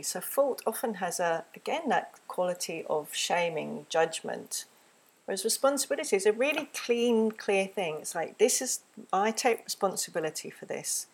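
A woman with a fairly low voice gives an earnest, gentle talk on parenting. Her tone grows soft and soothing as she shows what to say to a child, spoken close to the microphone. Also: gravelly. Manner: gentle, earnest, soothing when voicing empathy. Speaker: parenting teacher. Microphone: close microphone, solo recording.

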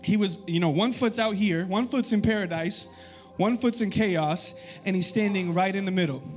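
A young man, a pastor, preaching a sermon, telling a story and building to loud, urgent exhortation. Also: sits high, moderate pace, soft background music. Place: church sanctuary.

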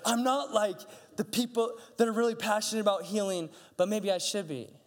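A middle-aged male pastor telling stories in a sermon from a church stage, animated and acting out the dialogue. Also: a little fast. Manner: animated, acts out dialogue with big pitch jumps. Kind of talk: sermon storytelling. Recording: long hall reverb.

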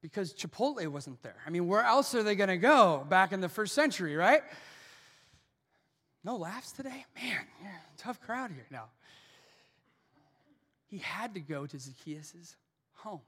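Male pastor, high bright voice, dramatic hushed-to-shouting sermon, long church-hall reverb. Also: sing-song, unhurried, pauses often. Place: church auditorium.

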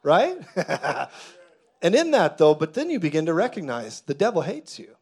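A man's voice: fairly high pitch, sing-song, brisk, slightly rough. Fervent man preaching a sermon. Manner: dramatic storytelling, builds to loud fervent preaching. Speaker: pastor.

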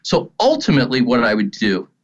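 A middle-aged man speaking earnestly about faith, telling stories with animated, acted-out quotes. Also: mid-range voice, fairly quick. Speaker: ministry guest speaker. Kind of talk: earnest spoken teaching on faith. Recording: dull lo-fi sound.

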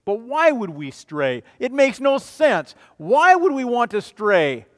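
A man preaching a sermon as a pastor, emphatic, swinging between loud declarations and quiet, low passages. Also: sing-song, slow, big-room sound. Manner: emphatic, rising and falling in volume.

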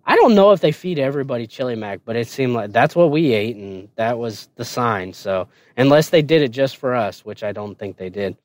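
A man telling basic training stories in a casual, profane and animated way on a podcast. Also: medium pitch, fairly quick, hardly any pauses, no echo. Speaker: podcast guest storyteller. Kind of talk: casual storytelling.

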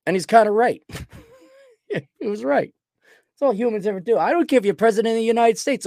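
A man's voice: very high-pitched, fairly quick, long pauses, a little mellow, no room sound, clean studio sound. A man hosting a podcast, talking casually in a rambling, self-deprecating way while sick with a cold. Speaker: podcast host. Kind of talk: casual monologue.

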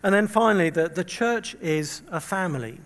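A man's voice: high-pitched, animated, normal speed, fairly bright tone, long reverb tail. A man preaching a sermon in a conversational way, telling stories with humorous, self-deprecating asides and acting out quoted voices.

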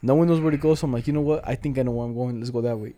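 A man's voice: medium pitch, steady tone, very fast, mellow. A young man telling rambling, profane stories in casual chat with friends. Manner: slangy, profane, laughing storyteller. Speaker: storyteller among friends.

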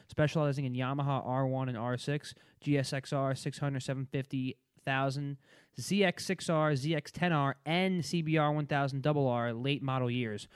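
A man on a podcast reading a sponsor ad in an offhand, flat way. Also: medium pitch, clear, resonant tone, dry recording, clean studio sound. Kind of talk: casual ad read.

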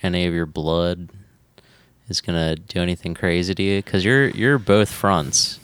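A man's voice: deep voice, steady tone, normal speed, a bit bright, smooth. A man in his late twenties co-hosting a podcast, teasing his friend in laid-back, crude banter. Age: late 20s. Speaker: podcast co-host.

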